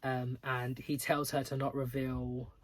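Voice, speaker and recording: Young male book reviewer, casual and rambling, prone to exasperated dramatic outbursts, mid-pitched voice. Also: level tone, a little slow. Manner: chatty, full of "like" fillers and restarts.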